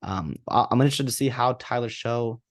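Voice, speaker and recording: A man's voice: mid-range voice, brisk, no room sound, clean studio sound. A man co-hosting a sports podcast, talking casually and rambling with many restarts and fillers. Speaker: podcast co-host.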